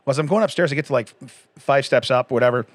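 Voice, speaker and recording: A man's voice: medium pitch, fast, no echo. A man in his forties co-hosting a casual chat, telling a rambling story and laughing often.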